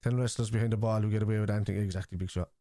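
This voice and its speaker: A man with a Liverpool accent hosting a football watchalong stream, rambling and reading chat messages aloud, quick to scoff at critics. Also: on the low side, steady tone, dark tone, no room sound, clean studio sound. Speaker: live-stream watchalong host. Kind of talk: casual live-stream chat.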